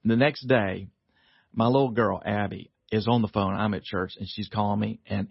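A man, a guest author on a radio talk show, telling a family story in a lively way, laughing often and acting out the voices. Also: on the low side, brisk, vocal fry, slightly rough, no echo, dull audio.

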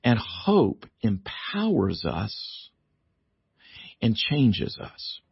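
A man, a guest author on a radio talk show, telling a family story in a lively way, laughing often and acting out the voices. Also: on the low side, very slow, gravelly, slightly rough, dry recording, muffled recording.

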